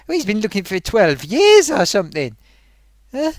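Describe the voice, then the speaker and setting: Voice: medium pitch, wildly swooping pitch, normal speed, no room sound. Rambling sarcastic film reviewer. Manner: frequent fillers and amused laughs. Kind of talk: ranting spoken review.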